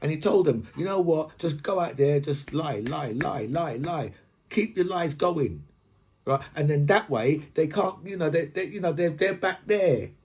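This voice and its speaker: A man's voice: on the high side, animated, unhurried, darkish tone, slight background noise. A man hosting a podcast, delivering a blunt, profane political rant full of long analogies. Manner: swears freely, builds long analogies, repeats "right?". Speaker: podcast host.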